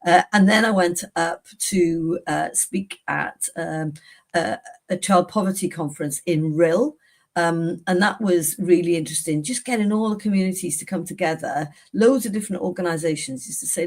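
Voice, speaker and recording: A woman's voice: lowish voice, normal speed, darkish tone. A middle-aged woman, chatting as a guest on a breakfast radio show, emphatic and full of restarts. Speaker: politician guest.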